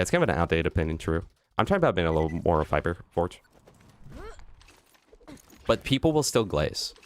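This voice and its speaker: A man livestreaming a video game, ranting to his chat in a lively, mocking way. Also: low-pitched. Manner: ranting, animated, mocking impressions. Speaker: streamer. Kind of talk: live gameplay stream chat. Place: loud room.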